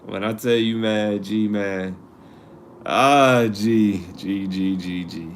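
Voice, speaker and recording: A man hosting a live stream in casual chat, reading viewer comments aloud and answering in an animated, slangy way that repeats itself. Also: lowish voice, takes it slowly, a little hiss or hum. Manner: animated, repeats himself, slangy asides and laughs.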